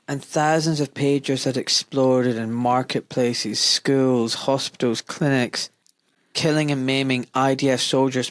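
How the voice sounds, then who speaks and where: A man's voice: mid-range voice, no room sound. A man hosting a podcast interview, talking with passion and building rhetorical arguments. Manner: impassioned, rhetorical, mimics voices of others. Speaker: podcast host.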